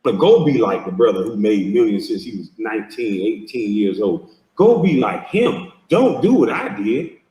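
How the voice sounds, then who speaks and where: A man's voice: fairly low pitch, sing-song, moderate pace, mellow, far from the mic. A man hosting a heated reaction commentary, mocking and confrontational and swearing a lot. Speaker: host reacting to a video clip. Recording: echoey room, speaker off mic.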